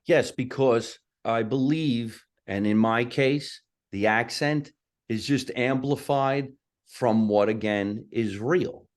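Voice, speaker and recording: A stand-up comedian with a thick New Jersey accent, telling stories in a punchy, animated way during a casual interview. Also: male voice, mid-range voice, slow. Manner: animated, punchy storytelling, slips into character voices.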